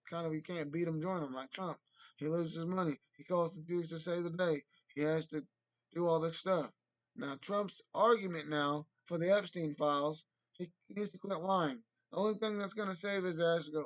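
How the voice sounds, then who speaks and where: A man giving rambling solo commentary, restarting sentences and breaking into loud mocking impressions. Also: on the high side, steady tone, moderate pace.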